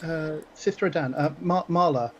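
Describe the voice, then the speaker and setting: A flustered young female acolyte, voiced by a man, pitched up and stammering through her words. The recording sounds muffled and lo-fi, as in a tabletop game played online. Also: moderate pace, noisy background, close to an everyday voice. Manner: hesitant, stammering.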